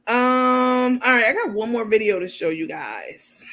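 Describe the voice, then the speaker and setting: With a fairly high, expressive voice that sounds pushed and bright, this woman talks at a measured pace. She's an adult commentary channel host with a degree and a New York accent, rambling casually in livestream style and reading viewers' comments as she goes.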